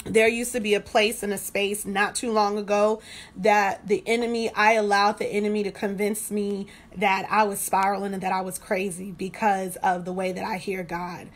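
A woman's voice: mid-range voice, flat delivery, moderate pace. Woman sharing a conversational devotional. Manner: conversational, testimonial, repeats phrases for emphasis. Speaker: devotional host. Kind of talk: devotional teaching.

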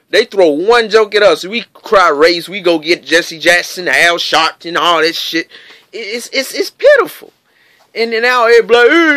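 A man's voice: sits high, bright, forceful tone, no room sound, clean studio sound. A man delivering a heated, profane sports rant in his own vlog. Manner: heated, profane, emphatic ranting. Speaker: sports vlogger. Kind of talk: profane ranting commentary.

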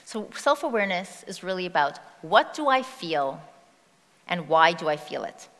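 A woman's voice: fairly low pitch, very animated, moderate pace, a bit bright. A woman giving a motivational talk on stage, speaking conversationally and asking the audience questions. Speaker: speaker at a personal-growth conference. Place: stage in a large hall. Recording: long reverb of a large hall.

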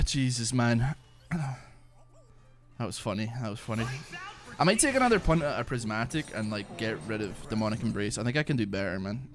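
A man streaming a video game in casual chat, excitable and sweary, breaking into shouts and laughter. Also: mid-range voice. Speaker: gaming streamer. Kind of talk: casual live-stream chat over gameplay. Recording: faint music behind.

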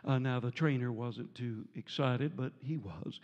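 A man preaching a storytelling sermon as a visiting preacher, animated and jovial, breaking into laughter and shouts. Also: medium pitch, a little slow, muffled recording. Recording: reverberant church sanctuary.

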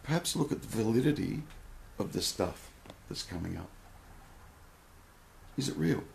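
Gravelly blunt-talking man. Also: fairly low pitch, lively intonation, normal speed, darkish tone, a little hiss or hum. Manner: blunt, swears freely, questioning. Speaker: nonduality teacher. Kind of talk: casual spiritual talk.

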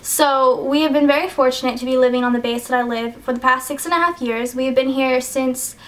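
A teenage girl YouTuber with a high voice rambles through a casual vlog, hesitant and full of ums and likes. She sounds choked up and sniffly, though her tone stays steady and her pace is fairly quick.

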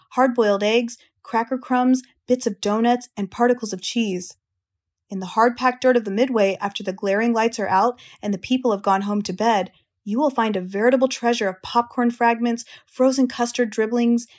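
A woman's voice: on the high side, darkish tone, natural voice. A woman doing a knowing old sheep.

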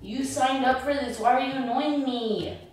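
A vlogger in her twenties with a high voice speaks at a moderate pace while arguing with her fiancé in a prank vlog. She starts out sleepy, then curses and roasts him, recorded from far off in an echoey room.

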